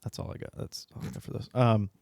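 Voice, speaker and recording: A man's voice: fast, a little mellow, no echo. A man co-hosting a podcast, casual rambling chat, laughing often and swearing freely. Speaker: podcast co-host.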